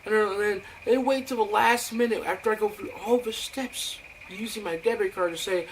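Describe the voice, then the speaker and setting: A man's voice: high-pitched, normal speed. A young man telling a rambling, profane story in a ranting vlog, full of fillers and acted-out quotes. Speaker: vlogger. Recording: noisy home recording.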